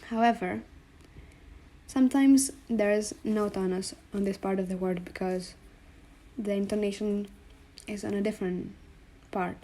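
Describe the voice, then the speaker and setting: A woman's voice: medium pitch, fairly even intonation, dark tone. A woman teaching Greek letter combinations, speaking patiently and repeating each sound for the learner. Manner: slow, patient, spells out sounds and repeats them. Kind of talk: explaining letters on a board.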